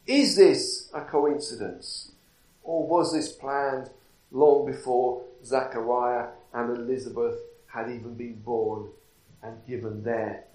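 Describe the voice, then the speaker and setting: Slow, deliberate preacher man in echo. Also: mid-range voice, steady tone, a little mellow. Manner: deliberate, asks many rhetorical questions. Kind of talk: sermon. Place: church. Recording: echoey, from a distance.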